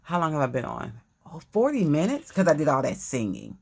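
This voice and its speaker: A woman's voice: deep voice, wildly swooping pitch, brisk, darkish tone. A woman casually chatting through an unboxing vlog at home, effusive, gasping and repeating her words. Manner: effusive, exclaims and gasps over items, repeats phrases. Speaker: crafting vlogger.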